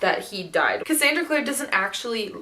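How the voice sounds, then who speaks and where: A woman's voice: on the high side, sing-song, moderate pace, noisy background. A woman reviewing a book in a casual vlog, retelling the story in a chatty, gushing way full of "like". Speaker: book vlogger.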